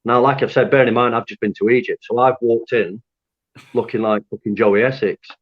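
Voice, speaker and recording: A man from Lancaster, telling his story to an interviewer in an animated, candid way, swearing freely and laughing at himself. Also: mid-range voice, brisk. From Lancaster, North West England. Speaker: interview guest. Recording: dull lo-fi audio.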